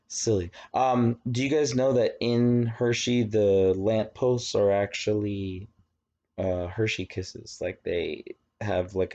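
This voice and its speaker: Chatty low-voiced man lecturing, lo-fi. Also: warm tone. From Virginia, United States. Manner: chatty, rambling asides, frequent fillers. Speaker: college government teacher. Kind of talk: recorded online lecture.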